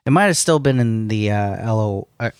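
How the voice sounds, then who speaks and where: A man's voice: on the low side, animated, fairly quick, noisy background. A young man rambling through a casual podcast story, swearing a lot and laughing often. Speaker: podcast co-host. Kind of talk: casual chat.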